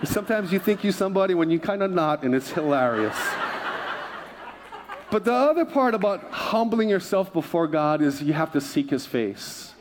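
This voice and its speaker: A middle-aged male pastor delivers a sermon in a conversational, humorous way, his voice sitting slightly high. He keeps turning to the congregation with asides and jokes. A faint hum of room noise sits under the recording. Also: lively intonation, moderate pace, long reverb tail.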